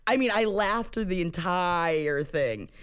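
A woman's voice: fairly low pitch, animated, slow pace, smooth. A woman co-hosting a casual podcast, giggling and swearing casually as she reacts. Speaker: podcast co-host. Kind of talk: casual chat.

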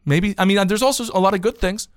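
A podcast host offers casual news commentary, animated and sarcastic, with asides that build into growing indignation. His voice sits high and he talks fast, in a dry recording with clean studio sound.

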